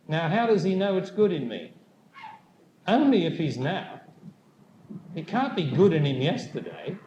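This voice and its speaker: Slow, lively-pitched man in an echoey hall. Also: dull audio. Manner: slow, deliberate, questioning the audience. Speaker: spiritual teacher. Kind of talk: live talk to an audience. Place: hall with a live audience. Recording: echoey room with faint noise.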